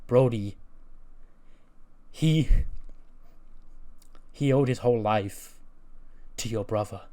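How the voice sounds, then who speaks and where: A man voicing a brooding cult-leader wrestler, reading his lines slowly and solemnly. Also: lowish voice, dark tone.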